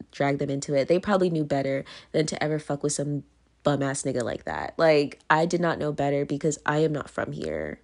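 A woman's voice: lowish voice, a little mellow. A young woman talking straight to her audience, venting in a rambling, emotional way with many filler words, scared and close to tears. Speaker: vlogger. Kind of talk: casual venting monologue.

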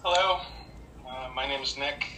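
A man speaking candidly at a support meeting over a video call, halting with many fillers and restarts, getting heated as he talks. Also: mid-range voice, sharp tone, reverberant, a little hiss or hum, rough recording. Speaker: recovery meeting member sharing.

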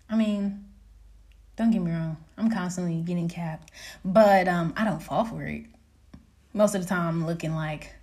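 A young woman hosting her podcast, telling a story in casual chat, animated, laughing often and swearing freely. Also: medium pitch. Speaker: podcast host.

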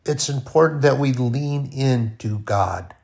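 A man preaching in a loose, conversational way, his mid-pitched voice rough with gravel. He often sinks almost to a hush to make a point. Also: slow. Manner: conversational, with sudden soft drops to near-quiet. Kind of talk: informal sermon.

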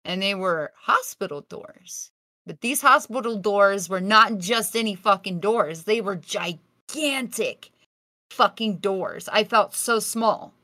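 A woman's voice: medium pitch, slow, bright, forceful tone, dry recording. A woman podcast guest telling a story in a casual, vivid way, swearing freely.

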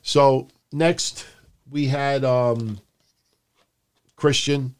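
A man co-hosting a wrestling podcast, recapping the show in casual, profane chat and shouting out quotes in a high voice. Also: very slow, smooth. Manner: animated, profane, mimics people in loud high shouts. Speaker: podcast co-host.

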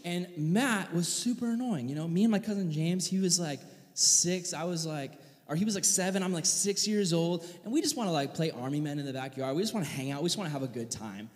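A young man preaching a sermon, telling a personal story, acting out voices and yelling in bursts. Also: on the high side, a little fast. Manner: animated storyteller, acts out voices, yells in bursts. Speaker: pastor. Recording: long reverb of a large hall.

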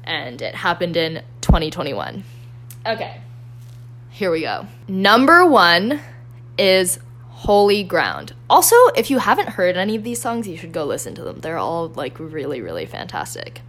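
A woman's voice: sits low, wildly swooping pitch, normal speed. A young woman hosting her own podcast in casual solo chat, rambling and self-deprecating with lots of fillers. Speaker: podcast host.

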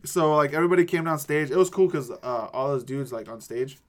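A young podcast host with a voice on the high side talks at a quick pace. He chats casually through a story, rambling with plenty of fillers such as "like" and "dude," and performs what others said.

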